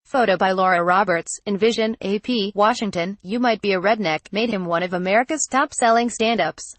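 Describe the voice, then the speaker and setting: A woman's voice reading out a news article, photo credits and quoted punctuation included, in a flat read-out manner. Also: medium pitch, fairly quick, dry recording. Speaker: news reader. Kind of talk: text-to-speech article reading.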